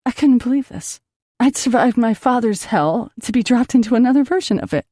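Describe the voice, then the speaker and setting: A woman's voice: on the high side, lively intonation, normal speed, gravelly, mellow, no echo, clean studio sound. A woman narrating an audiobook in an emotional first-person reading.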